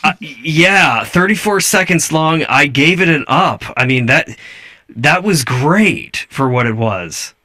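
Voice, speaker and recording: A man's voice: on the high side, lively intonation, slow, sharp tone. A man hosting a casual podcast, amused and profane as he reviews videos and rambles. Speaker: podcast host.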